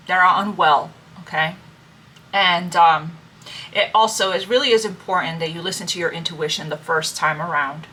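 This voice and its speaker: A woman's voice: on the low side, bright, forceful tone, breathy edge. A woman reading tarot and giving spiritual advice in a casual, earnest monologue, repeating herself and checking in with her listeners as family. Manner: earnest, repetitive, checks in with "okay?" and "right?". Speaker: tarot reader.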